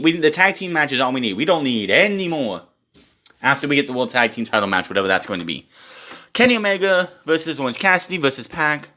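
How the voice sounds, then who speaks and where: A man's voice: mid-range voice, sharp tone. A young man giving a casual, blunt and profane rant as a wrestling show reviewer.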